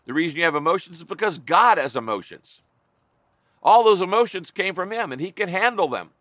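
A man's voice: sits high, expressive, fairly quick, a bit bright, no room sound. A man pastor preaching a sermon, emphatic, driving home points with repeated lists.

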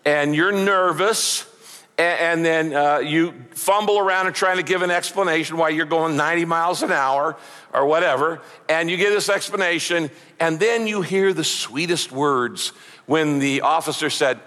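Pastor, male, slightly high voice, emphatic sermon delivery in a reverberant hall. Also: normal speed, bright, forceful tone, clear, resonant tone. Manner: emphatic preaching, rhetorical questions, repeats words.

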